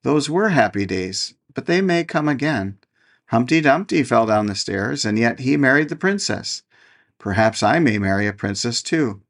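A man's voice: mid-range voice, expressive, normal speed, fairly bright tone. A man voicing a lonely young fir tree in a storybook reading, talking in an earnest, wistful way. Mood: hopeful.

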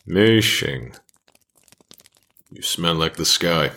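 A man's voice: low-pitched, lively intonation, extremely slow, pushed and bright, heavily acted. A man voicing Cavalon, a grave, loyal old male wanderer in an audio drama, speaking earnestly and solemnly. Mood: fond.

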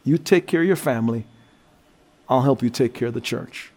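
A man preaching a sermon, telling a story and dropping low and slow for scripture and prayer. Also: a little mellow. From New Jersey. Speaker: guest preacher.

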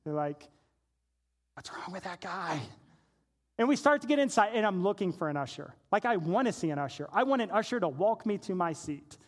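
A man's voice: high-pitched, big pitch swings, fast, few pauses. A man in his forties preaching a sermon, telling a playful personal anecdote and acting out the voices in it. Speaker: pastor.

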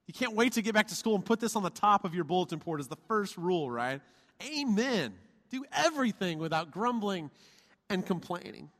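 A male pastor preaches with a high, bright-pitched voice, playful and animated as he calls out to his congregation for amens. His voice rings through a church sanctuary with a long, reverberant tail. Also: a little fast. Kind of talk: sermon. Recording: reverberant hall.

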